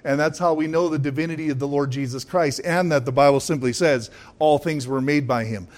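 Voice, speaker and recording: Emphatic preacher asking "Amen?". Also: male voice, fairly high pitch, a little fast, a little mellow. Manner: emphatic, frequent "Amen?" calls, chuckling asides. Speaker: pastor. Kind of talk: sermon.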